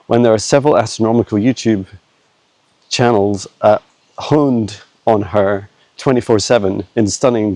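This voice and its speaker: A man, talking haltingly with many fillers as he channels answers while walking his dog in the woods, filmed on a handheld phone. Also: on the low side, dark tone, no room sound. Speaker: psychic channeler. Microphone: handheld phone camera.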